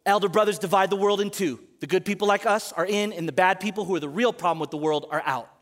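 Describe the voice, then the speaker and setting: A man preaching a sermon to a congregation, animated, moving between loud emphatic calls and quiet asides. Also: high-pitched, fast. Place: church service in front of a congregation.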